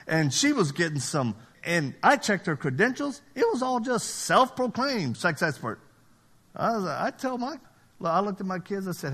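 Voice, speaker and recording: A middle-aged man from Louisiana preaching a live sermon, telling stories and acting out the dialogue, his voice jumping high for emphasis. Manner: animated, acts out dialogue, pitch jumps high for emphasis. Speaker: pastor.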